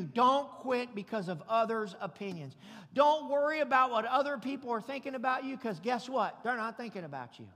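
A man preaching a sermon as pastor, emphatic and folksy, building up to shouts. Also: very high voice, in a large hall. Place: church sanctuary.

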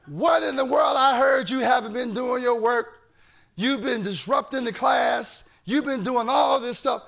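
Man doing a furious shouting mother. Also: very high voice, measured pace, vocal fry, voice pushed up, full character voice. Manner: shouting, scolding. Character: furious scolding mother, middle-aged woman.

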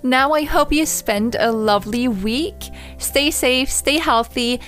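A young woman from Austria, a native German speaker, hosting a solo podcast in a reflective, gently chatty way. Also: high-pitched, takes it slowly, faint music behind. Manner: reflective, gently chatty, laughs between thoughts. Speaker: podcast host.

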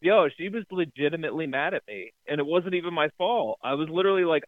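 A man's voice: fairly high pitch, animated, fast, dry recording. A man co-hosting a casual podcast, telling an exasperated, profane story. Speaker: podcast co-host. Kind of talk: casual chat. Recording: dry tinny phone-like sound.

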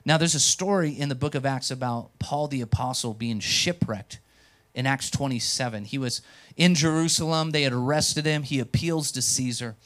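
A pastor preaching a sermon, telling stories with animation and speaking directly to the congregation. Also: male voice, mid-range voice, moderate pace. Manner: animated storytelling, acts out quotes. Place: church.

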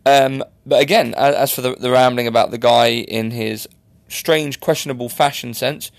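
A man's voice: medium pitch, steady tone, moderate pace, creaky, no echo. A young man hosting a casual solo podcast, chatty and rambling with self-mocking asides. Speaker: podcast host.

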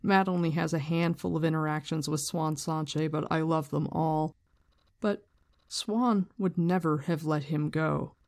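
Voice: mid-range voice, fairly even intonation, unhurried. Opinionated book commentator. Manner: opinionated, candid, swears casually. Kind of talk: book reading and casual commentary.

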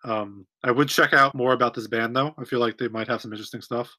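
A man co-hosting a casual music podcast, giving relaxed, easygoing opinions on a song. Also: medium pitch, fast talker. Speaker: podcast co-host. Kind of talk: casual music review chat.

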